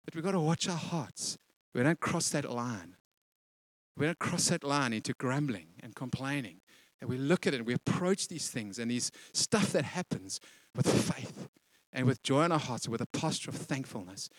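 A man preaching a conversational sermon, slipping into quick voiced asides. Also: mid-range voice, animated, dry recording. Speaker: pastor.

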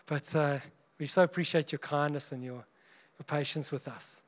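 High-voiced man preaching a chatty sermon. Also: fairly even intonation, moderate pace. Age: adult parent of young children. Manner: chatty and humorous, acts out little dialogues. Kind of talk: sermon to a congregation.

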